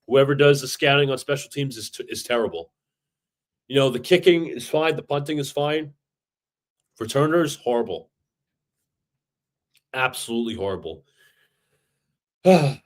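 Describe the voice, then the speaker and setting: A man hosting a sports fan livestream, talking in a frustrated, repetitive rant full of stumbles and restarts. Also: mid-range voice. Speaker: fan podcast host.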